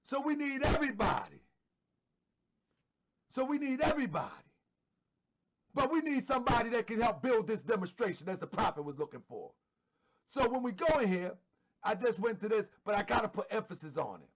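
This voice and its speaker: High-pitched fervent preachy man. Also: very animated, brisk. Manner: preachy, repeats phrases for emphasis; fervent, sometimes shouting. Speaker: online show host. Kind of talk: impassioned religious commentary.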